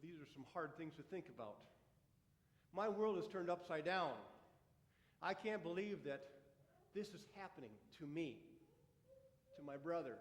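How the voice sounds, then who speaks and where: A pastor playing a resentful, self-righteous elder son in a first-person sermon, complaining with indignant sarcasm. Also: male voice, a little high, slight background noise, lightly acted. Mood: humbled, reflective. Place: church sanctuary. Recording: echoey church sanctuary.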